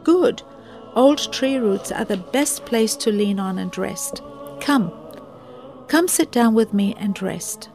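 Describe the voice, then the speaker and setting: A woman voicing a gentle, giving old apple tree, speaking softly and tenderly. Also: mid-range voice, lively intonation, slow, faint music behind.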